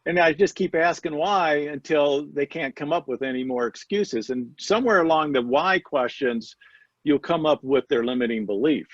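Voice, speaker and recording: A man's voice: on the high side, moderate pace, no room sound, lo-fi sound. A man mentoring health practitioners, chatting in a casual interview and acting out quoted dialogue as he tells stories. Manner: storytelling, acts out quoted dialogue. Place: Denver area.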